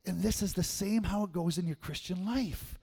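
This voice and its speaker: Male preacher, kinda high voice, animated and storytelling, laughs a lot. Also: normal speed, creaky, slightly rough. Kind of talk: sermon.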